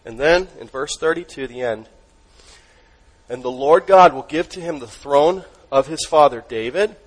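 A man preaching a sermon as pastor, emphatic, asking the congregation questions and dropping his voice low on key words. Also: normal speed, breathy edge, low-quality recording.

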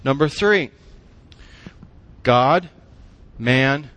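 Slow, emphatic male preacher. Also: mid-range voice, animated, fairly bright tone, no room sound. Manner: emphatic, call-and-response questions, punchy short phrases. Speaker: pastor. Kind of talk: sermon.

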